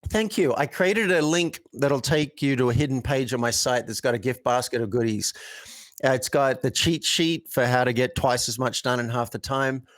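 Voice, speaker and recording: An earnest man speaking as a coaching guest, walking through stories and acting out how he would phrase things. His voice sits in a middling pitch. The sound is close and dry. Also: moderate pace, no echo. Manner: earnest, storytelling, acts out example phrasings. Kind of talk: conversational interview.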